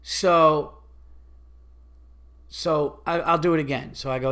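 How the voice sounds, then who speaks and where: A young man tells a story on his podcast, his voice sitting a little higher than most men's. He talks casually and swears often, and he keeps getting more exasperated as he goes. He drops into quick little impressions of the people he's talking about. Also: steady tone, a bit bright. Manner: profane, exasperated, mimics others in quick asides. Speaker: podcast host.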